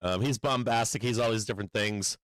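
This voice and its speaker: A man's voice: on the low side, brisk, a bit bright, dry recording, low-quality recording. Guy streaming stock talk, swears a ton, lots of ums, warns folks to be careful, dry close sound. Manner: blunt and profane, rambling with many fillers; urgent warning tone. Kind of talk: casual livestream market commentary.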